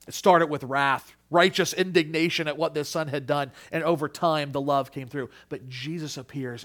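A male pastor preaching a sermon, earnest, dropping to a hush and then rising to emphatic peaks, acting out the quoted voices. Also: fairly high pitch, steady tone, normal speed, hardly any pauses.

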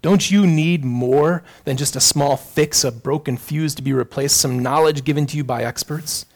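A man's voice: a little high, normal speed. A man preaching a sermon as pastor, addressing the congregation directly with earnest rhetorical questions.

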